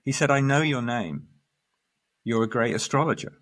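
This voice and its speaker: A man, a guest astrologer, telling a story in lively conversation, acting out quoted lines and restarting his sentences. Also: medium pitch, moderate pace. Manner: animated storyteller, quotes others, restarts often.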